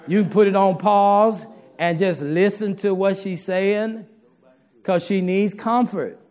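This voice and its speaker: High-voiced preacher man, folksy and joking. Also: steady tone, slow pace, a little mellow. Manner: folksy, humorous, addresses congregation directly. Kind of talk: sermon.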